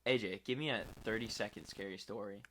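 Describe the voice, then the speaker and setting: A man's voice: fairly low pitch, quick pace, fairly bright tone, slight background noise. A young man hosting a casual podcast, rambling loosely and laughing often. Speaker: podcast host.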